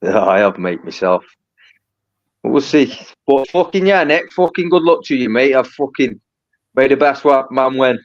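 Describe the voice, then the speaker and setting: A man's voice: mid-range voice, expressive, moderate pace, no room sound. A young man, a boxer swearing and insisting again and again that he will win. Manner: swears constantly, insistent and repetitive. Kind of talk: heated pre-fight face-off. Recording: dull lo-fi sound, dry.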